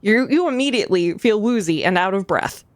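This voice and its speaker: A woman streamer reading a narrative game aloud on a live stream, breaking in with quick asides. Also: medium pitch, expressive, dry recording.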